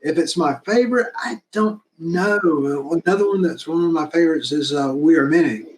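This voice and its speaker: A man's voice: a little high, normal speed, slight background noise. A man talking enthusiastically about producing his fan film episodes, rambling and laughing now and then. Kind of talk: casual interview chat. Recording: roomy echo.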